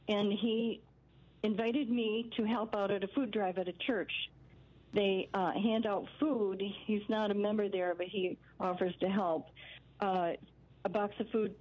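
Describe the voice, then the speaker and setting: A woman's voice: medium pitch, a little slow. An older woman calling in to a radio show, talking in a rambling way with many restarts. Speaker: caller. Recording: dull lo-fi phone line.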